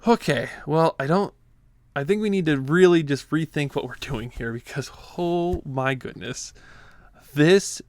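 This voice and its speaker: A man's voice: on the high side, slow pace, long pauses, dry recording. A man giving live commentary on his own card game play, chatty and easily flustered, laughing often. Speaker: gaming content creator.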